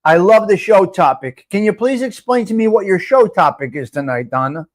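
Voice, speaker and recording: Man, live-stream host, high voice, loud, swearing, chatty. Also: lively intonation, moderate pace. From North Jersey. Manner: loud, profane, talks to viewers by name. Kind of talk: casual live-stream chat.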